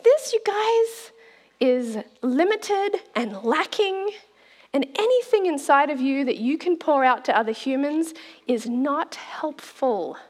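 Brief: middle-aged woman preacher, high and lively voice, animated storytelling with laughs. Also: slow. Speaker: speaker at a church talk. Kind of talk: storytelling sermon.

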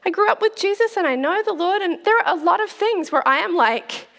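Very high-pitched, gravelly and fairly bright, a woman in her forties preaches briskly and expressively as a pastor. Her sermon in the church auditorium is chatty and playful with frequent laughs, and the hall's long reverb is audible.

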